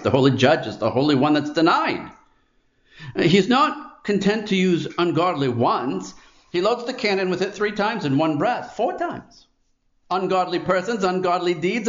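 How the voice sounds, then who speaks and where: A man's voice: on the high side, echoey room, lo-fi sound. A man preaching a sermon in an emphatic, declamatory way, stacking phrases with rising force.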